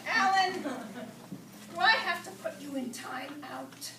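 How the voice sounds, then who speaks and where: A bored, sardonic office worker, as a young woman plays her, drawling her lines slowly in a very high voice. She sounds far from the mic in a reverberant hall, with loud audience noise around her. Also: animated, over a noisy crowd. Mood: dismissive. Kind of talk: stage play acting.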